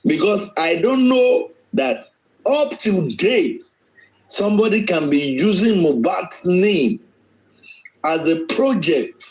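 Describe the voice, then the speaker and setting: Male guest, forceful and repetitive, high voice with wide swings, unhurried delivery. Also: expressive, rough recording. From Nigeria. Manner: emphatic, repeats phrases, rises and drops sharply in pitch. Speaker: guest speaker on a live stream. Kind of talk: impassioned live-stream talk.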